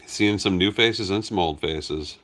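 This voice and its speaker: A man's voice: low voice, a little slow, fairly bright tone. A man hosting a casual live stream from his farm, talking tenderly to his old dogs and reading viewer comments aloud. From United States. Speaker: farm hospice channel host.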